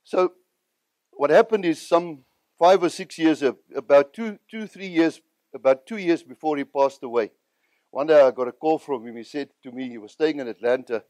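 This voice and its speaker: A man's voice: fairly high pitch, normal speed, a little mellow, no room sound. A South African man, an evangelist, telling his personal testimony in an earnest, emotional way.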